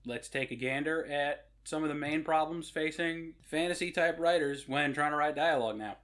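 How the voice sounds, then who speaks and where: A man's voice: on the high side, normal speed, fairly bright tone. A man hosting a podcast, telling jokey anecdotes in casual conversation. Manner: joking anecdotal storyteller. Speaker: podcast host.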